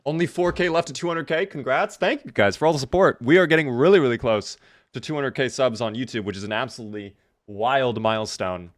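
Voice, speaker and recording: A man's voice: mid-range voice, fairly quick. A man streaming a game live, chatting casually with viewers in a joking way and swearing freely. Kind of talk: casual live gameplay chat.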